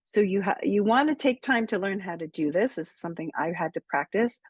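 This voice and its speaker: Husky, measured woman coaching on speaking. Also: mid-range voice, lively intonation, no room sound. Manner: measured, emphatic, deliberate pauses. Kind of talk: direct-to-camera speaking tips.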